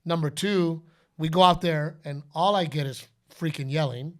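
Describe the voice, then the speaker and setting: Speaking at an ordinary pace in a voice a little on the high side, this middle-aged man hosts a podcast. His storytelling is lively and conversational, and he performs quotes and announcer calls as he goes.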